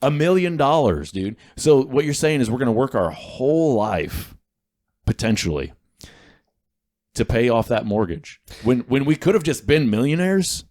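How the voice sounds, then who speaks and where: A middle-aged man co-hosting a podcast, talking in an animated, profane way and often cutting across his partner. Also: mid-range voice, normal speed. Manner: animated, swearing freely, talks over his partner. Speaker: podcast co-host. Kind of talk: casual chat.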